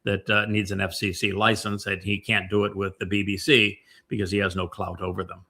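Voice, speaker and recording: Bright-voiced man rambling through commentary. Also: lowish voice, level tone. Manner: meandering, many fillers and restarts; emphatic, slows down on key points. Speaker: podcast host. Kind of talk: casual commentary chat.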